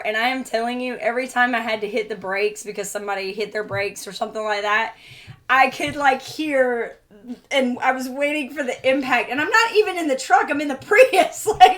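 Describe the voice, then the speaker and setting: A woman's voice: fairly high pitch, fairly quick. Laughing woman telling a story. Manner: animated, laughing, acts out quoted voices. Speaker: co-host of homestead Q and A. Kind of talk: casual storytelling chat.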